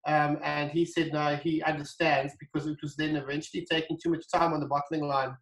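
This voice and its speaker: A man telling a story as an interview guest, animated and acting out the dialogue, with frequent restarts. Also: fairly high pitch, a little fast, echoey room, poor audio. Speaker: guest, wine brand founder.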